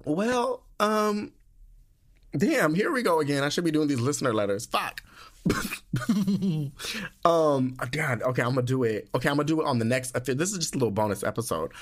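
A young man hosting his own podcast in casual solo chat, sassy and dramatic, talking loosely and jumping into high squeals when he gets emotional. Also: animated, normal speed. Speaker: podcast host.

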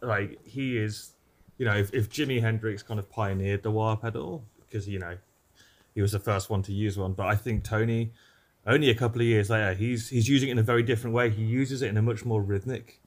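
A man's voice: on the low side, steady tone, brisk. A man from England, a guest on a podcast, explaining music in an eager, rambling way. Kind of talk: casual chat.

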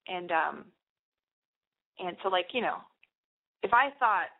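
A woman's voice: on the low side, animated, slow, vocal fry, breathy edge. A young woman hosting a podcast, rambling through a candid personal story with lots of "like" and fillers. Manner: rambling, confessional, heavy use of "like". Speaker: podcast host. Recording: phone-like narrow band.

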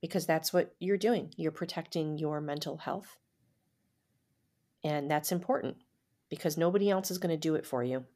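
A woman with a notably low-pitched voice hosts a podcast interview. She speaks in an affirming, encouraging way, backing up her guest and asking gentle questions. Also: moderate pace. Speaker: podcast host. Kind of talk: supportive interview.

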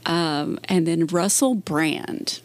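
A woman's voice: lowish voice, slow pace. A woman comedian telling stories in a casual interview, chatty and laughing often. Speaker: comedian guest.

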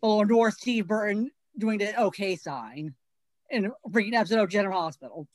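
A woman's voice: mid-range voice, a little mellow, no echo. Blunt, profane woman co-host. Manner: blunt, profane, fast bursts. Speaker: podcast co-host. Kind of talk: casual chat.

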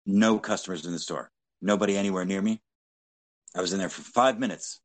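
A man's voice: low voice, brisk. A man co-hosting a podcast, telling casual anecdotes in a blunt, profanity-heavy way. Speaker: podcast co-host. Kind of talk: casual storytelling chat.

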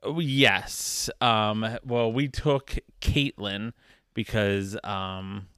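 A man's voice: on the low side, very slow, sharp tone, clear, resonant tone, no echo, clean studio sound. A man co-hosting a casual podcast with friends, laughing often and rambling with restarts. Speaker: podcast co-host. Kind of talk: casual chat among friends.

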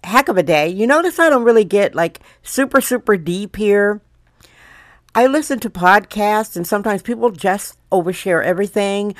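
An older woman from Wisconsin hosting her own podcast, chatting in a playful, theatrical way with big swoops in pitch. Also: animated, normal speed, dry recording, clean studio sound. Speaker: podcast host. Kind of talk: casual solo podcast monologue.

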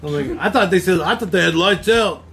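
A man's voice: high voice, animated, a little fast, creaky, fairly bright tone, soft background music. A man chatting casually, swearing and laughing through his words. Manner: laid-back, profane, laughs while talking. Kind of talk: casual chat.

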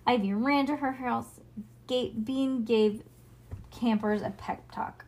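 Lady reading a kids book out loud, casual, stumbles a bit, soft breathy voice. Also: on the high side, steady tone, unhurried. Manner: casual, with slips and asides. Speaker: reader. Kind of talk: reading a children's book aloud.

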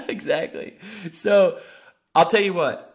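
A man as a podcast guest, telling a story in casual talk, animated and full of "like" fillers. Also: medium pitch. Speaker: podcast guest, endurance athlete.

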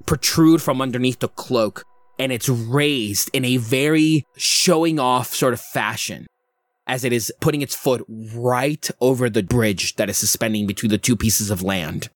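A man narrating a tabletop game as game master, slowly describing the scene with many hedging "sort of"s. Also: mid-range voice, dry recording.

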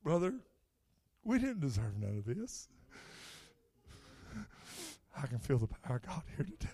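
An older man preaching a sermon, moving from soft, low talk to shouted, high-pitched preaching punctuated with "uh, amen". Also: wildly swooping pitch, fast talker, creaky, breathy edge.

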